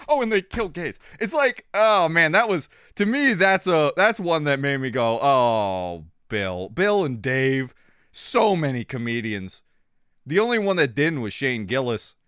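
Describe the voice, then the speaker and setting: A man streaming and chatting casually with his audience, rambling and animated, coughing now and then. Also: on the high side, unhurried, clear, resonant tone, no echo, clean studio sound.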